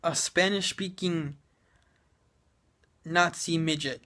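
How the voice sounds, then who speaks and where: A man's voice: fairly high pitch, fairly even intonation, slow, bright, forceful tone. A man giving a sarcastic, profane, rambling movie review full of fillers and restarts.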